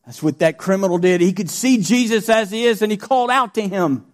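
A man preaching a sermon, animated, swinging between shouted praise and quiet asides. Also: high voice, brisk.

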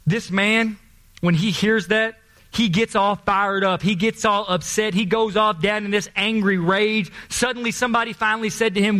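A man preaching a sermon in a folksy, animated storytelling way, calling out to his congregation. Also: high voice, normal speed. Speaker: pastor.

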